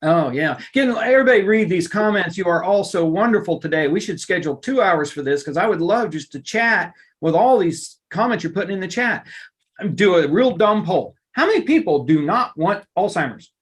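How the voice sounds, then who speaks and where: Emphatic, animated male presenter. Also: high-pitched, fairly quick. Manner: emphatic, animated, repeats phrases for effect. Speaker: workplace trainer and coach. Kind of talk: live online lunch-and-learn presentation.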